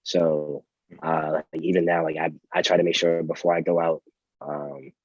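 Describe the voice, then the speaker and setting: A young man, a college athlete, telling stories in a relaxed, rambling way with many fillers and restarts. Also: very deep voice, normal speed, no room sound, lo-fi sound. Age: young adult. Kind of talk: casual storytelling interview.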